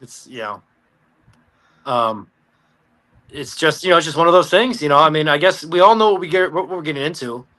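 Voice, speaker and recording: Bright-voiced man, halting speech. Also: on the high side, animated. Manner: halting, full of fillers. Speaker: podcast guest. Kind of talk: casual group chat.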